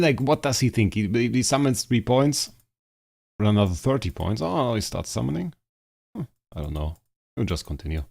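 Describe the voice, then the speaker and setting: A hoarse man streaming a game live, commentating and fretting over a rival player while talking to his chat. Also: deep voice, a little mellow. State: hoarse, strained voice.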